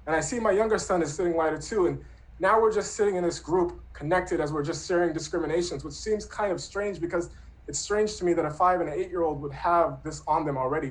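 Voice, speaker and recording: Man, thirties, personal storyteller, earnest and reflective, fairly high voice. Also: rough recording.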